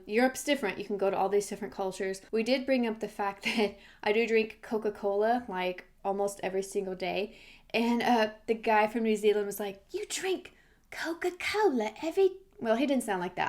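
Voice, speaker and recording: A woman's voice: medium pitch, steady tone, brisk, darkish tone. An American woman in her thirties chatting casually in a vlog, self-deprecating and laughing often. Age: 30s. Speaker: vlogger.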